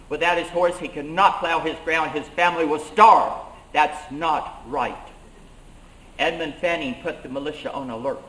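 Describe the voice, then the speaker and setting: A man's voice: fairly high pitch, fairly bright tone, close to an everyday voice. A man as an indignant colonial rebel leader. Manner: earnest, emphatic storytelling that rises on grievances. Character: 18th-century colonial schoolmaster turned rebel leader, male, indignant. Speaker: living-history reenactor. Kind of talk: first-person historical reenactment monologue. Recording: roomy echo.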